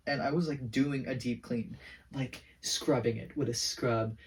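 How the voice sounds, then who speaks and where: A man's voice: mid-range voice, lively intonation, normal speed, a little mellow, far from the mic. A teenage boy venting in a casual rambling vlog, saying "like" constantly. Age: teens. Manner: rambling, heavy use of "like", venting. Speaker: vlogger.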